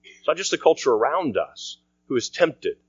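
A man preaching a sermon as pastor, earnest, often dropping to a quiet voice for emphasis. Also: medium pitch, big pitch swings, normal speed, breathy edge, no room sound. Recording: dry, dull lo-fi sound.

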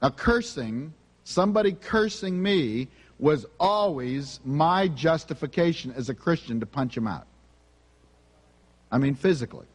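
This sermon features a man sharing personal stories in a sincere, chatty, self-confessing manner. His voice is on the high side with lively intonation and an unhurried pace, and he's in a large hall.

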